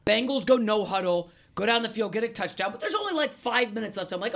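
A man hosting a sports betting podcast, telling stories in an excitable, animated way. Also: sits high, quick pace, creaky. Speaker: podcast host.

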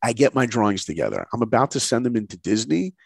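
A middle-aged man telling a personal story in conversation, lively and acting out the voices of people he quotes. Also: medium pitch, fast talker, gravelly, slightly rough, no echo. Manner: lively, acts out quoted voices, laughs often. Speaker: guest storyteller.

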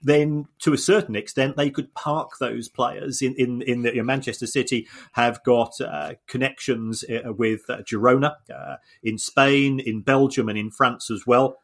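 Man, podcast co-host, mid-pitched voice, explanatory, halting with repeated words. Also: fairly even intonation. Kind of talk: casual podcast discussion.

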